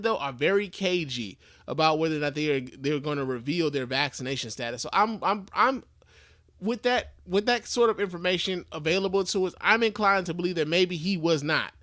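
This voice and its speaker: Male podcast host, loose and animated, restarts often, higher-pitched, dry mic. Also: no room sound. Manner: animated, swears casually, many restarts and fillers. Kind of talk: casual podcast commentary.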